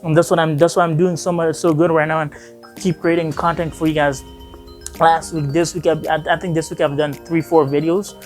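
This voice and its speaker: A man's voice: a little high, little pitch movement, fairly quick, faint music behind. A young man from Afghanistan casually telling a long personal story in a vlog, rambling and acting out the dialogue with lots of "he like" and "I'm like". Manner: rambling, acts out quoted dialogue, frequent "he like". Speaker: vlogger.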